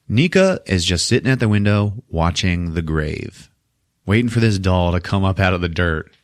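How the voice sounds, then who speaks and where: A man recaps a horror movie in a loose, swearing, animated style, laughing between beats. His voice is lowish, and the recording is dry and close. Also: moderate pace, no echo. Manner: profane, laughing, animated storytelling. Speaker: podcast host.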